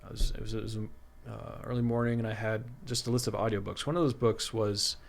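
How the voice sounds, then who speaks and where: Man, gravelly voice, casual podcast chat, rambling, laughs a lot. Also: fairly low pitch, flat delivery, brisk. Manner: rambling, laughs often, frequent fillers. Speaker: guest artist.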